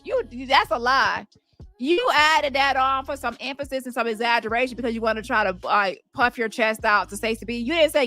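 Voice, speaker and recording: A woman's voice: fairly high pitch, a little fast, sharp tone, soft background music. A woman hosting casual commentary, blunt and profane, reading messages aloud and reacting with laughs. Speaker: commentary host.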